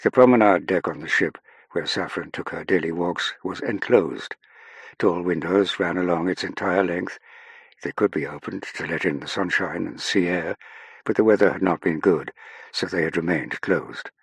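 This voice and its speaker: A man narrating an audiobook in a measured, even way. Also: deep voice, husky, no echo. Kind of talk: scripted narration.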